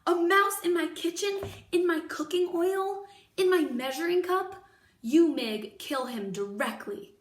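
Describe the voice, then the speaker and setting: A woman voicing a loud, bossy woman cook who shouts orders impatiently, in an echoey room with the mic at a distance. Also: very high-pitched, a little slow, pitched above the performer's own voice. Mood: furious.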